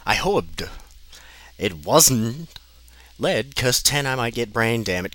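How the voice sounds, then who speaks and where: A man's voice: medium pitch, expressive, slow, pauses often, fairly bright tone. Exasperated man doing a mock-dramatic reading. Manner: exasperated, swearing, breaking up in disbelief. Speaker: reader of a fan fiction.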